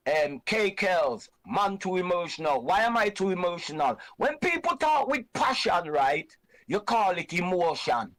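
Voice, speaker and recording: A man's voice: high voice, sing-song, measured pace, a bit bright, poor audio. A Jamaican man hosting an online show who argues with passion, preaching and repeating his points for emphasis. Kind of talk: impassioned reasoning talk.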